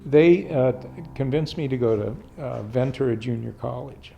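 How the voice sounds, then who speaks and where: An older man with a gravelly, creaky voice tells long rambling stories about his life for a documentary interview. He fills his talk with "you know" asides and grows emotional, and faint music plays behind him. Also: medium pitch, normal speed, dark tone, highs cut off. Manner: gets emotional. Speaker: painter.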